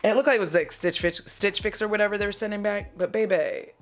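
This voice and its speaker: A woman's voice: mid-range voice, quick pace. A woman who works as a mail carrier, telling a casual, profane story with frequent laughs. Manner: animated, profane, laughs often.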